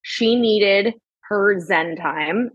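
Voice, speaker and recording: A woman's voice: mid-range voice, drawn-out words, husky, no room sound, muffled recording. A woman in her thirties, a podcast guest, talking candidly about motherhood with lots of fillers and casual swearing. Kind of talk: casual chat.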